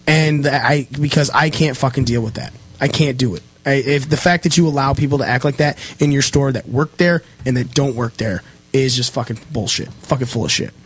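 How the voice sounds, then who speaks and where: A man's voice: mid-range voice, a little fast, slightly rough. A young man telling a heated, profanity-filled story on a casual podcast. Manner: heated, swears constantly, animated retelling.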